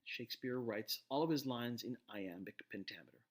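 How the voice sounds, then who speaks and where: A man lecturing to a class at a middle pitch, explaining step by step. He often pauses, restarts his words and checks in with the listener. The tone is plain and instructive. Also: heavy background noise. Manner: explanatory, frequent fillers and restarts, asks "right?".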